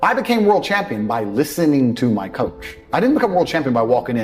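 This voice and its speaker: A man's voice: mid-range voice, very animated, fast, darkish tone. A man gives a blunt, profane motivational speech and mocks people's excuses. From England. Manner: mocks others by acting out their excuses. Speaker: motivational speaker. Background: faint background music.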